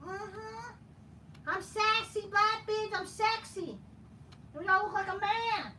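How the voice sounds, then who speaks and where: A man puts on a brash, sassy woman who fusses over her weave, in a squeaky falsetto pitched far above his own. The tone is bright and brassy, with drawn-out hums between lines. The mic sits a little far off, with a faint hiss behind. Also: reverberant, full character voice.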